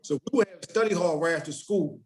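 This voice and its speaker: A male coach explains his approach in a casual group discussion, speaking steadily. His voice is notably high for a man. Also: fairly quick, a little mellow.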